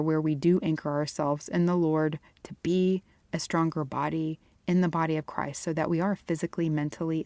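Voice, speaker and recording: A woman's voice: deep voice, darkish tone, dry recording. A middle-aged woman hosting a Christian fitness podcast, talking alone to her listeners in an earnest, encouraging way and laughing easily. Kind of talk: solo podcast monologue.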